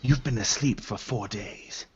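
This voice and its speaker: A man voicing a wary female hobgoblin healer who talks in a hushed, halting way, on a dull lo-fi recording. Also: medium pitch, a little hiss or hum, close to an everyday voice. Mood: soothing hushed. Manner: hushed, halting speech in a foreign tongue.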